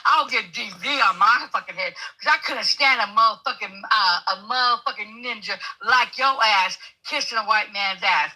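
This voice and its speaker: A woman ranting loudly in a heated argument, cursing constantly and laughing between insults. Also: on the high side, breathy edge, low-quality recording. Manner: laughs mid-tirade. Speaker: guest debating the host. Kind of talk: heated profane argument on a live stream.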